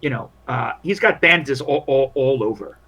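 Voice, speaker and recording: A man's voice: mid-range voice, sharp tone, breathy edge. A man narrating a tabletop role-playing game as game master, rambling and restarting often. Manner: rambling, halting, many restarts.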